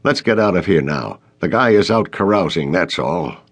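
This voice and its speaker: A male audiobook narrator gives voice to a lazy, surly building manager with a raspy, gravelly growl. He grumbles and complains through everything and sounds stubborn and rude. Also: deep voice, animated, normal speed, heavily acted. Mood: grumbling. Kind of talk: audiobook character voice.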